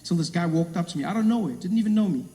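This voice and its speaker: A man's voice: high voice, rapid-fire, a little hiss or hum. A man doing a stand-up routine, telling stories animatedly and slipping into voices. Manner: animated storytelling, slips into voices. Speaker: stand-up comedian. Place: large comedy venue. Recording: echoey hall, live audience.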